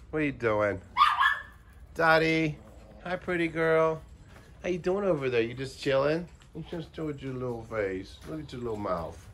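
A man at a dog sanctuary, talking in sing-song baby talk to his dogs as he walks among them, recorded outdoors on a phone. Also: medium pitch. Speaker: animal sanctuary keeper. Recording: loud background noise from barking dogs. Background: dogs barking.

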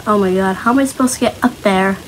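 A woman's voice: mid-range voice, quick pace, slight background noise, rough recording. A young woman talking to herself nervously while playing Minecraft, chatty and easily scared. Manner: nervous, chatty self-talk. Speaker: gaming channel host. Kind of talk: casual Minecraft gameplay commentary.

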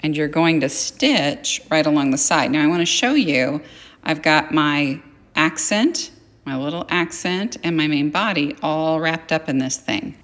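Casual woman sewing teacher, low voice, step-by-step, echoey kitchen. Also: animated, a little slow, a bit bright. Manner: chatty, plain-spoken step-by-step explaining. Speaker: sewing instructor. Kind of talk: casual how-to tutorial. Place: home kitchen.

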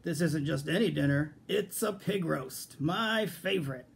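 A man voicing a hungry, greedy male fox in a slow, drawn-out, gloating storybook voice. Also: fairly high pitch, creaky, slight background noise.

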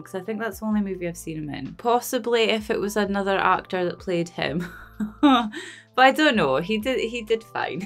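A Scottish woman chatting casually and emotionally as a movie reaction vlogger, rambling and laughing often. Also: medium pitch.

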